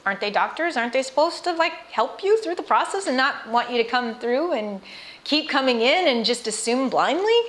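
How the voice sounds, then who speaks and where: In a personal vlog, a middle-aged woman describes living with cancer, speaking earnestly and emotionally while restarting thoughts and turning aside to address viewers. Her voice is high-pitched and a bit bright, and she talks briskly and with animation.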